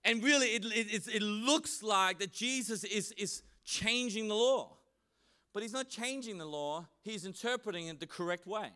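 Bright, high-voiced male preacher. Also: normal speed, clean tone. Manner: lively, acts out quoted voices with humor. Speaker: pastor. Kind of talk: sermon. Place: church.

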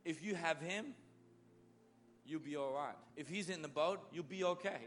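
A male preacher giving a sermon, swinging between loud bursts and soft, low lines as he acts out biblical figures. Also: normal speed, a little hiss or hum.

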